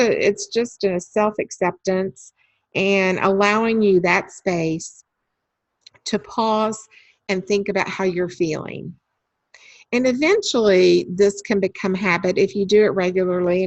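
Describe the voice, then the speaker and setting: A woman giving a webinar in a chatty, story-telling way, often pausing on "um". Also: medium pitch, gravelly, no room sound. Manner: chatty and anecdotal, with frequent ums. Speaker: webinar presenter. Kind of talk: conversational webinar talk.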